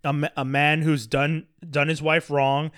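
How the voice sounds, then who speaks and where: A man co-hosting a casual movie chat, rambling and animated, often slipping into mock voices. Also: a little high, a little slow, clear, resonant tone, no room sound, studio quality.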